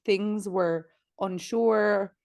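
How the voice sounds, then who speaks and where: A woman's voice: mid-range voice, fairly even intonation, extremely slow, a little mellow, no room sound. Late 20s woman rambling on a podcast from bed, mid voice, lots of likes and laughs, dry sound. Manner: chatty, rambling, frequent "like", laughs often. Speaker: podcast co-host. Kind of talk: casual chat.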